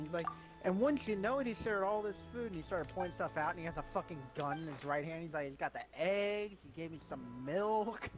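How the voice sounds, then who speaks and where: A man's voice: a little high, fairly quick. A man telling rambling, swear-filled stories in casual chat during a game stream. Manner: rambling storyteller, swears often. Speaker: streamer's friend. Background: game music.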